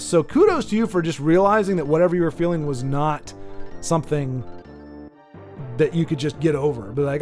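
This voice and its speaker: Rambling American man streamer, a bit high. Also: brisk, darkish tone, soft background music. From United States. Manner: rambling, many restarts, sympathetic. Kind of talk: casual chat with viewers.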